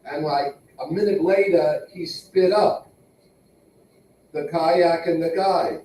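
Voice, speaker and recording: Mellow emcee in a booming echoey room. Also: male voice, slow pace, far from the mic, a little hiss or hum. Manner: tags jokes with "yeah", punchy deadpan one-liners. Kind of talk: stand-up between acts. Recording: very echoey room, heard from afar.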